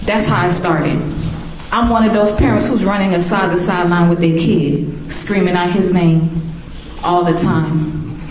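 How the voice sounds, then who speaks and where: A mother interviewed about her son, telling personal stories in an animated way and acting out the voices. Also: on the low side, measured pace, a little hiss or hum. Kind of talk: emotional personal storytelling in an interview. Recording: echoey room.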